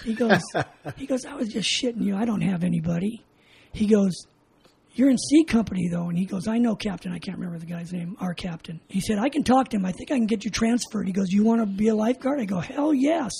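An older veteran from California, USA, is interviewed for an oral history and tells a story full of laughter and acted-out dialogue. His voice sits high and husky with vocal fry, he talks fast and animatedly, and the recording quality is low.

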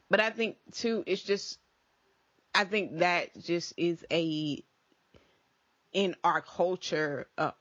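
Podcast co-host, mid-pitched voice, thoughtful and halting, dry lo-fi audio. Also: fairly bright tone, no echo. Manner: thoughtful, searches for words. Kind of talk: casual discussion.

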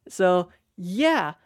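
A man's voice: high-pitched, no room sound, studio quality. A young man co-hosting a podcast, chatting casually, joking and swearing as he rambles. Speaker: podcast co-host. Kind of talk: casual chat.

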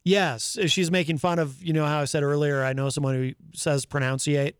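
A man's voice: fairly high pitch, steady tone, normal speed, clean tone, no echo, studio quality. A man hosting a live talk show in casual chat, reading viewer comments aloud and rambling with many fillers and restarts. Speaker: host.

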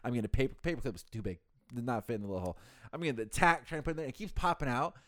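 Male podcast co-host, quick and animated, acts out every line of dialogue, cusses a lot, dry close mic. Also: mid-range voice, no room sound. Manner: animated, acts out quoted dialogue, swears freely. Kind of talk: casual storytelling chat.

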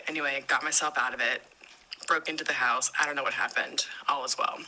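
Woman friend whispering a voice note story, very low voice, sharp bright edge. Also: steady tone, brisk, slight background noise, rough recording. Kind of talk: casual storytelling.

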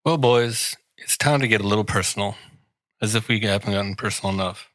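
A man's voice: on the low side, brisk, a bit bright, no room sound. A man reading a comedic ad with sarcastic, mock-grandiose flair, teasing the listener. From Washington, D.C. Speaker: podcast host reading an ad. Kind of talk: comedic ad read.

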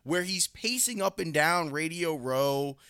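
A man who hosts sports radio, chatting casually with another host and telling lively stories. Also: a little high, a little slow, smooth, no room sound, clean studio sound. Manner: lively, conversational storytelling.

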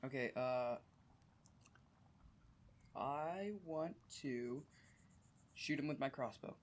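A man playing in a tabletop game, soft-spoken and hesitant. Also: mid-range voice, very slow, slight background noise. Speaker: player. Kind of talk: casual tabletop game play.

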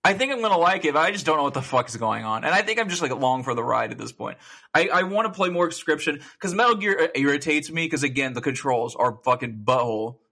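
Bright, animated young man telling game stories. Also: fairly high pitch, quick pace, vocal fry. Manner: animated storytelling with lots of swearing and laughter. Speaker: podcast co-host. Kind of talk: casual gaming chat.

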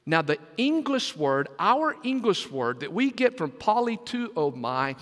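A man preaches with a notably high voice, animated and lively, pulling the congregation into repeating words back to him. His voice carries a long reverb from a church sanctuary. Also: unhurried. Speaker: senior pastor. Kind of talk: sermon.

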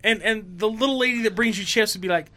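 A man telling stories in casual podcast chat, profane and animated. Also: sits high, fast. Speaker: podcast co-host. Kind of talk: casual storytelling.

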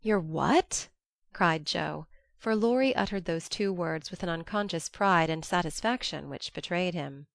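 A woman narrating an audiobook in a measured, gently earnest way. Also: fairly low pitch, creaky, no echo. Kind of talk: audiobook reading.

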